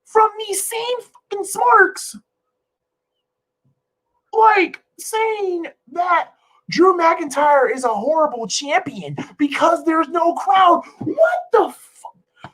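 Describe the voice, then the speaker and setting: A woman wrestling streamer with a very high, fairly bright voice speaks slowly, captured on a low-quality recording. She rants to her livestream chat, exasperated and profane, repeating herself for emphasis.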